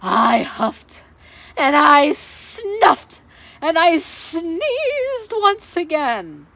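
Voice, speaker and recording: A woman's voice: extremely high pitch, sing-song, very slow, a bit bright, no room sound, pitched above the performer's own voice, heavily acted. A woman voicing a sly male wolf who makes excuses, in a storybook read-aloud with a wheedling manner.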